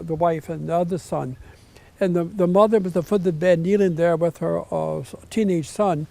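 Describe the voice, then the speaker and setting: An older man, a retired bishop, telling a personal story in a gentle, unhurried way with frequent hesitations. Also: sits high, vocal fry. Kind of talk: reflective storytelling.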